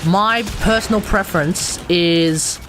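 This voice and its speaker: A man's voice: high voice, takes it slowly, noisy background. Chatty Australian man streaming a game. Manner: rambling, chatty, self-correcting. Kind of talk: casual live-stream gaming commentary.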